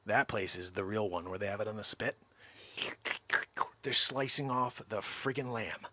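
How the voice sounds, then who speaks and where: A man hosting a comic monologue, telling a story in an animated, exaggerated way. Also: fairly low pitch, moderate pace, dry recording. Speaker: host.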